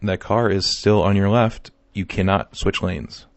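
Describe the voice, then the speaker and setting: Low, dry-voiced joking podcast host. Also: male voice, fairly even intonation, a little slow, dry recording. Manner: wry, teasing, leads the segment. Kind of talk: casual comedic news chat.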